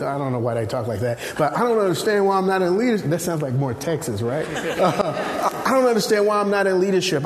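Male preacher, slightly higher voice, animated storyteller, heard in an echoey hall with a long tail. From Nigeria. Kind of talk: sermon. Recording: echoey hall, faint ambience.

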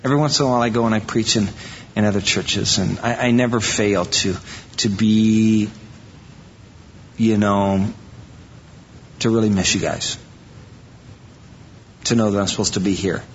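Man, pastor, casual animated sermon, dull lo-fi sound, long church reverb, faint rumble. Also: normal speed, pauses often. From Iowa. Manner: conversational, animated, acts out quoted voices. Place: church sanctuary.

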